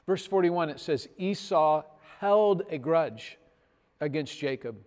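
A man preaching a sermon as pastor, telling a story with big swells in loudness and soft, trailing phrase endings. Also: on the high side, slow pace, big-room sound. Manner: animated storytelling, swells loud on punchlines, drops soft at ends.

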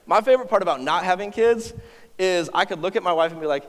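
A man's voice: high voice, quick pace. A man in his thirties, a pastor preaching a sermon, telling a funny family story in a conversational way and speaking straight to his listeners. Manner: humorous, conversational, talks to the audience. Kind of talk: sermon with personal stories. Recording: hall reverb.

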